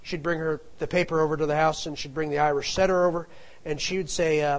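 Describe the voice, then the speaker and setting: Middle-aged guy spinning a long rambling story, slightly high voice, lots of asides. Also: level tone, fast talker, rough recording. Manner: rambling, digressive, with frequent asides. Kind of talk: casual anecdotal storytelling.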